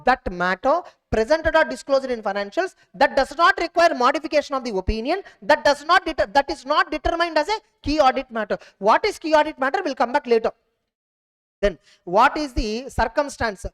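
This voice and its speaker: A woman's voice: high-pitched, expressive, fairly bright tone. A woman giving an exam revision lecture, drilling points and often checking that students follow. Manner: drilling, keeps checking understanding with quick questions. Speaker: teacher.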